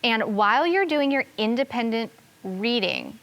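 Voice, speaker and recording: A woman's voice: fairly high pitch, unhurried. Woman teacher reading aloud to first graders. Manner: expressive storybook reading, gentle classroom explanation. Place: television classroom studio.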